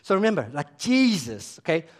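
A man preaching a sermon, emphatic, repeating phrases and putting questions to his listeners, swinging between loud emphasis and quiet asides. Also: on the high side, animated, normal speed.

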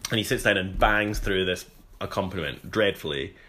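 A man's voice: deep voice, a little fast, bright, forceful tone. A Scottish man co-hosting a podcast, telling stories in a chatty, rambling way and laughing often. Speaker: podcast co-host. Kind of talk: casual chat, storytelling.

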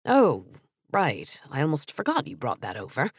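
A woman's voice: low voice, huge pitch swings, normal speed, slightly rough, no room sound, studio quality, pitched below the performer's own voice, heavily acted. A woman voicing a smug male businessman boyfriend in an audiobook story, offhand and condescending.

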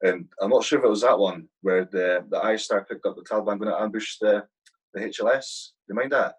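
Swearing constantly, this British ex-soldier spins vivid war tales in relaxed conversation. He talks briskly in a lowish, breathy voice, captured on a rough recording.

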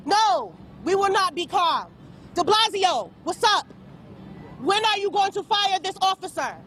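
Angry high-voiced woman demanding justice. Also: fairly bright tone, slight background noise. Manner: angry, insistent, repeats demands. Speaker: protester speaking to press. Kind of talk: impassioned public statement.

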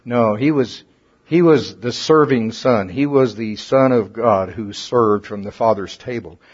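Unhurried, a husky-voiced preacher delivers a folksy, animated sermon to his congregation, rising in pitch and loudness at the peaks. His mouth is going dry, and the audio sounds dull and lo-fi.

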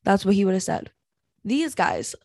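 Young woman podcaster, gravelly vocal fry, dry close sound, rambling swear-filled rant. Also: mid-range voice, huge pitch swings, moderate pace, darkish tone, no echo. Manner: rambling, profane and exasperated storytelling. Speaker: podcast host. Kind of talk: casual solo podcast rant. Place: small house at home.

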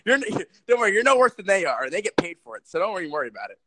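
A young man in his twenties co-hosts a relaxed podcast chat, rambling and poking fun at himself with frequent laughs. His voice sits a little high for a man, and the recording is dry and close. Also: rapid-fire, dry recording. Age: 20s. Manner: rambling, self-deprecating, laughs often. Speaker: podcast co-host. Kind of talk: casual chat. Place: Minnesota.

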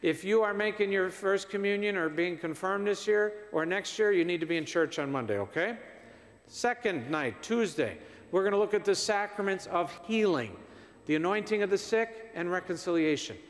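High-voiced priest in a reverberant church. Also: male voice, expressive, normal speed. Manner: conversational, repeats himself for emphasis, asks the congregation questions. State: tired. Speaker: visiting priest. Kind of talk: parish mission homily.

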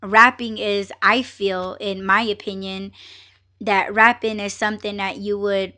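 A woman hosting a podcast, telling a story in a casual, animated and profane way, with many fillers and acted-out exchanges. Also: medium pitch, a little slow. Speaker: podcast host.

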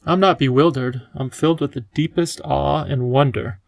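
A man voicing a wise, playful elderly male professor who talks in a gentle, enthusiastic teacherly way. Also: medium pitch, moderate pace, creaky, dry recording, natural voice. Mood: kindly.

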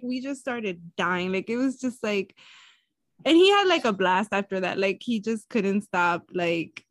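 A woman's voice: mid-range voice, no room sound, studio quality. A woman co-hosting a podcast, telling a story in a chatty, casual way and laughing often. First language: Spanish. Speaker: podcast co-host. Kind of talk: casual chat.

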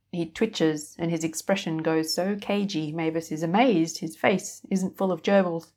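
A woman narrating a story in an even, wry storytelling manner. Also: lowish voice, unhurried, hardly any pauses. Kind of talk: scripted narration.

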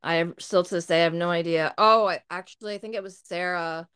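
A woman's voice: lowish voice, fairly even intonation, fairly quick, fairly bright tone, clean tone. A woman co-hosting a podcast, telling a personal story in a candid, blunt way and swearing freely. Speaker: podcast co-host. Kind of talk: casual storytelling.

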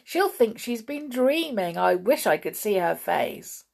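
A woman voicing an excitable male pixie in a storybook reading, fussing and breathless. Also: mid-range voice, unhurried, creaky, voice pushed up, heavily acted. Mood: gleeful. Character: excitable male pixie, fretful then gleeful.

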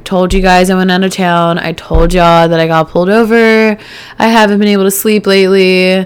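A woman in her early twenties hosting her own podcast, chatting casually with lots of fillers and getting animated as she retells drama. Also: fairly low pitch, normal speed, smooth. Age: early 20s. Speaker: podcast host. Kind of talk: casual solo podcast chat.

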